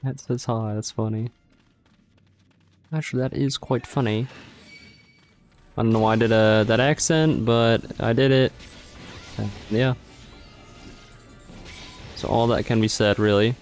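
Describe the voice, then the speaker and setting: A man's voice: medium pitch, fairly even intonation, measured pace, pauses often, darkish tone, soft background music. A man casually narrating his moves while streaming a game, tired and mumbling as he plays. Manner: mumbled play-by-play, trailing off. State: sleepy. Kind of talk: casual gaming livestream commentary.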